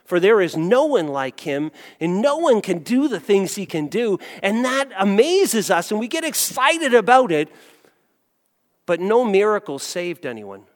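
Male pastor, sermon, animated storytelling, high-pitched, long church reverb. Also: a little slow. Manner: animated storytelling, acts out voices.

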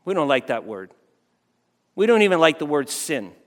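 A man's voice: fairly high pitch, big pitch swings, normal speed. A man preaching a sermon as pastor, talking conversationally, repeating phrases and checking in with the congregation. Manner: conversational, repeats phrases, asks the crowd "right?". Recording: long hall reverb.

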